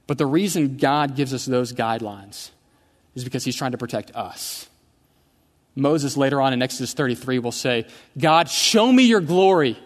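A man's voice: medium pitch, moderate pace. A male pastor preaching a sermon in a church sanctuary, conversational and telling stories with humor. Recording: long church hall reverb.

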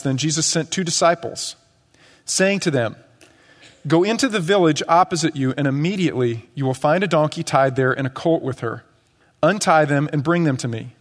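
A man's voice: a little high, long reverb tail. A male pastor delivering a sermon in a conversational way, acting out quotes as he teaches. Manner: conversational preaching with acted-out quotes. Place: church sanctuary.

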